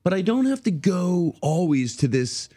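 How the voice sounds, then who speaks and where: A man's voice: sits high, moderate pace. Man in his 50s, comic storyteller, voice bouncing all over, restarts his sentences. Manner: animated rambling storyteller, restarts a lot. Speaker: comedian guest. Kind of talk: casual podcast chat.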